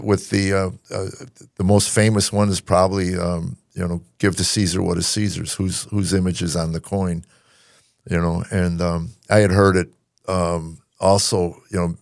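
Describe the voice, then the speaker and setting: A man's voice: low voice, gravelly, no echo, studio quality. A man hosting a podcast, telling a personal story in an earnest, casual way with plenty of fillers. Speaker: podcast host. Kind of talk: casual interview chat.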